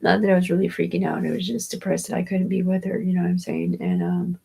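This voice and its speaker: A woman with a lowish voice and a gravelly, fry-laden edge talks casually and at length. She keeps circling back with "anyway" and "you know", swears offhandedly and laughs her way through her own story. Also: sing-song, fast, warm tone, poor audio. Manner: chatty and digressive, with frequent fillers and restarts. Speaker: mother telling a personal story.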